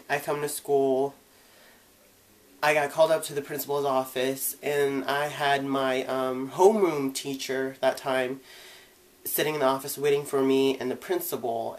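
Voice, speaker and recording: In a casual vlog, a young man shares how he came out, speaking with candor. He performs the voices of people he quotes, abruptly shifting his pitch and loudness.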